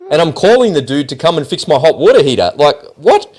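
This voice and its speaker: A middle-aged Australian man in a casual podcast chat, telling stories and acting out the people in them. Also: a little high. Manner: animated storyteller who acts out quoted people.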